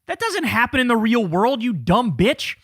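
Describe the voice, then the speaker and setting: A man's voice: very high-pitched, big pitch swings, moderate pace, fairly bright tone, slightly rough, no room sound, clean studio sound. A middle-aged man hosting a political commentary show, ranting with profanity and biting sarcasm.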